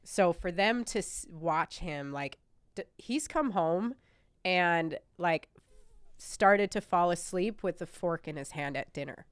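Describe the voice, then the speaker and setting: Montana woman in her 30s, kinda low voice, smooth, just talking openly on a podcast. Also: lively intonation, takes it slowly, dry recording, studio quality. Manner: candid, chatty, with mild cursing. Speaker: podcast guest. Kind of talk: casual interview chat.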